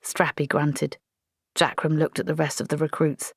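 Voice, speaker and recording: Woman narrator, lowish voice, dry close studio sound, measured comic fantasy reading. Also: steady tone, no echo. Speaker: audiobook narrator.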